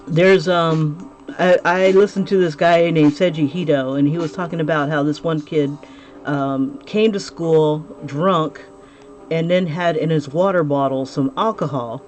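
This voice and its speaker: A woman's voice: low voice, a little slow, darkish tone. A chatty woman livestreaming while she draws, talking to viewers with frequent laughs and restarted sentences. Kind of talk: casual livestream chat while drawing. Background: music playing clearly.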